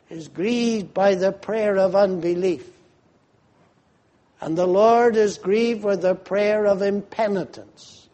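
A man with a voice that sits high preaches a fervent sermon, slow and emphatic, rising to loud cries when he quotes pleas to God.

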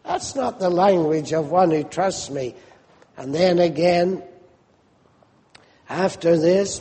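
Man, preacher, emphatic sermon, unhurried delivery, mellow tone, echoing church hall. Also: sits high. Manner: slow, emphatic preaching with rising quoted questions.

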